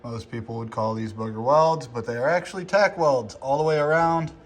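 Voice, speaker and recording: A hoarse young man filming on his phone in a garage, casually explaining his work step by step and swearing now and then. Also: medium pitch, a little fast. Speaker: car builder explaining his project. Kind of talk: casual how-to narration.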